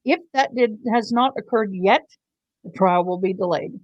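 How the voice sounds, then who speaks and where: A woman's voice: mid-range voice, moderate pace, dry recording, highs cut off. A woman hosting a casual live commentary stream, chatty and teasing as she talks to her viewers. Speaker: livestream host.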